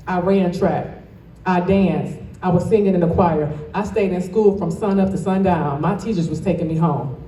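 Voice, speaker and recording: A woman from Toledo, Ohio, delivers an emphatic motivational speech and calls out to the audience directly. Her voice is mellow and relaxed in tone. It sounds echoey, as if picked up from a distance in a large event hall. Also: mid-range voice, slight background noise. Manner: passionate, emphatic, addresses the crowd directly. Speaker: guest speaker and dance studio owner.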